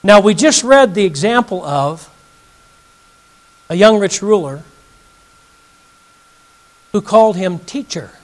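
A man's voice: sits high, animated, slow pace, long pauses, poor audio. A male pastor teaching an evening Bible lesson, reading scripture aloud and putting questions to his audience.

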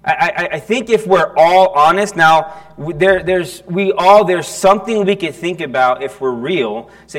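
A man's voice: on the high side, fairly bright tone. A man preaching a sermon in church, talking casually with frequent restarts and questions to the congregation. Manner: conversational, halting with restarts, asks the congregation questions. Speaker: pastor. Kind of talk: sermon with storytelling.

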